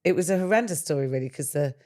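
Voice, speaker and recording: A woman, hosting a podcast and telling a family story in a lively, laughing way. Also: low-pitched, rapid-fire. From England. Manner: animated, laughs through her story. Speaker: podcast host. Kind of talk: casual chat, storytelling.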